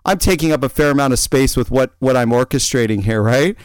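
A man in casual chat, telling a rambling personal story in an animated way, with many restarts. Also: mid-range voice, quick pace, clear, resonant tone, no room sound.

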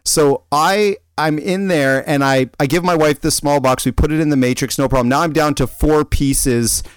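Male co-host, rambling storyteller, smooth voice, dry close sound. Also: on the high side, moderate pace, dry recording. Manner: animated rambling storyteller, frequent restarts. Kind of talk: casual chat, personal anecdote.

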